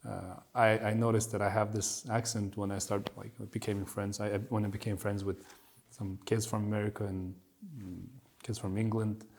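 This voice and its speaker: Man, Kazakh accent, podcast host, casual, lively storytelling. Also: fairly low pitch, moderate pace. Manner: animated, laughs while telling stories. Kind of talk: casual chat.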